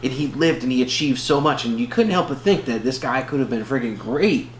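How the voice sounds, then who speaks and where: A man's voice: medium pitch, expressive, fairly quick. A man co-hosting a casual movie review podcast, rambling along with lots of fillers and restarts. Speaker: podcast co-host. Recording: roomy echo with faint hum.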